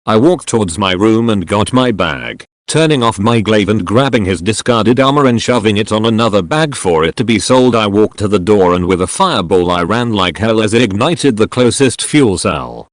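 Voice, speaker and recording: A man reads a first-person audiobook with a low voice that rises and falls a lot, animated and dramatic in his storytelling. He is recorded dry and close on a studio mic, with no room sound at all. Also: moderate pace, few pauses, dry recording. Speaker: audiobook narrator.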